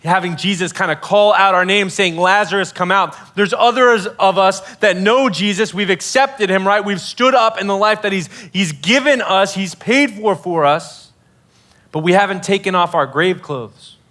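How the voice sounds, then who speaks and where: A man's voice: sits high, moderate pace, sharp tone. A man preaching a sermon to students in a casual, conversational way, full of fillers and acted-out quotes. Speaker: youth pastor.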